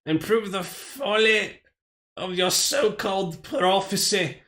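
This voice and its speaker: A man's voice: high voice, animated, a bit bright, pitched above the performer's own voice, full character voice. A man doing a gloating beast in a put-on accent. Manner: slow, drawn-out put-on accent. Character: menacing male beast, gloating and threatening.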